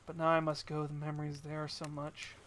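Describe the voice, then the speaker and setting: A man putting on a soft motherly huntress. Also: a little high, completely flat delivery, a little fast, a little hiss or hum, close to an everyday voice. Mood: tender. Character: gentle female hunter, soft-spoken mother type.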